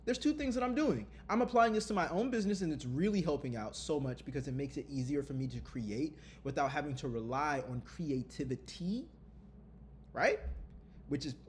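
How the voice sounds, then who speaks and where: Man vlogging to camera, earnest, lively, slightly high voice, faint background noise. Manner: earnest, open and lively, repeating phrases. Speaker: content creator. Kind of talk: candid vlog talk.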